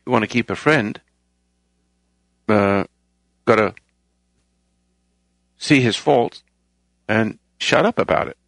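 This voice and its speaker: Man, talk host, gravelly, lowish voice, preachy rambling monologue, dry close sound. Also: a bit bright, dry recording. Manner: rambling, moralizing, raises his voice for emphasis. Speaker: radio show host.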